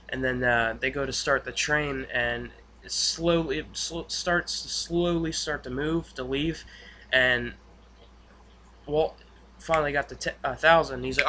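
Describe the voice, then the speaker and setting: A man giving a casual, rambling spoken recap of a TV episode, full of fillers and excited asides. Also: mid-range voice, a little slow, a little hiss or hum. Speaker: TV episode reviewer.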